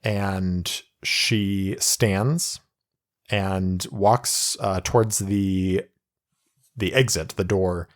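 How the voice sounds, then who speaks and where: Man, solo tabletop game narrator, low voice, slow pace, relaxed, reads rules aloud. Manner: relaxed, thinking aloud, rule reading.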